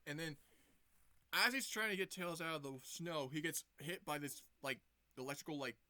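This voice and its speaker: A man's voice: a little high, lively intonation, normal speed, sharp tone, dry recording. A man casually retelling a movie plot for a review vlog, rambling with lots of fillers and restarts.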